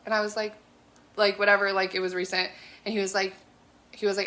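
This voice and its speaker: A woman in her twenties from New Mexico, co-hosting a podcast and telling stories in an animated, profane way. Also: medium pitch, fast, pauses often. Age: 20s. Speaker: podcast co-host. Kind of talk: casual chat.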